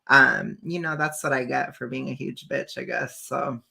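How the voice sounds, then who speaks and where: A woman with a very deep, gravelly voice and a bright edge, talking in an emphatic, preachy way. She sounds casual and colloquial. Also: steady tone, normal speed. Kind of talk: casual reaction chat.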